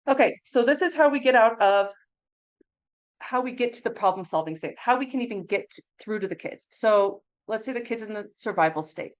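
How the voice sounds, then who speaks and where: A woman in her thirties giving a lively training talk to teachers and childcare directors. She speaks in a conversational, animated way and slips into a bright, upbeat teacher voice when she acts out what to say to children. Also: fairly high pitch, a little fast, low-quality recording. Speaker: early childhood mental health consultant.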